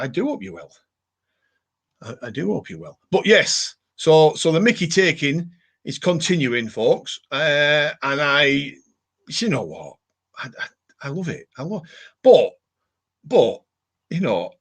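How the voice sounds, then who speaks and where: A man's voice: mid-range voice, a bit bright. A man hosting a casual live stream, reading viewer comments aloud and rambling with many fillers and restarts.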